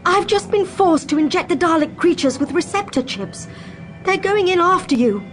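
Brief: gloating male villain, sneering and lowered, as a woman puts him on. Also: expressive, moderate pace, faint music behind.

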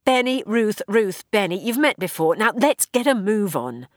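A woman voicing a brash, bossy young male adventurer who talks loud and hurried. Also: mid-range voice, expressive, no room sound, clean studio sound, pitched above the performer's own voice, natural voice. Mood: brusque.

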